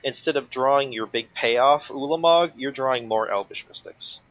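A man's voice: mid-range voice, normal speed, fairly bright tone, muffled recording. A man co-hosting a casual podcast chat, giving analytical, opinionated takes with a lot of "like". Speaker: podcast co-host. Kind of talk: casual chat about a card game.

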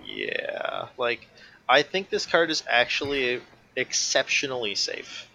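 Bright-voiced man giving opinionated analysis. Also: medium pitch, wildly swooping pitch, slow pace, gravelly, low-quality recording. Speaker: podcast co-host. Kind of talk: casual chat about a card game.

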